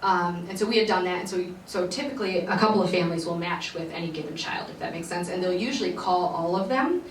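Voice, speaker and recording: A woman's voice: lowish voice, fast talker, distant mic. A young adult woman hosting a podcast, earnestly telling a long personal story, rambling with many fillers and restarts. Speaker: podcast host. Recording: roomy echo, voice a bit off-mic, faint background noise.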